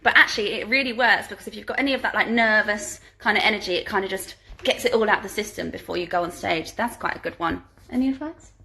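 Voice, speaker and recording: A woman's voice: medium pitch, fast, creaky, hardly any pauses, sharp tone, a little hiss or hum. A woman hosting a casual live fan Q&A from home on her phone, reading out questions, chatting and giggling, and cooing at her dogs. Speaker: musical theatre performer hosting a fan Q&A. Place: at home, indoors. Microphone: phone held at arm's length.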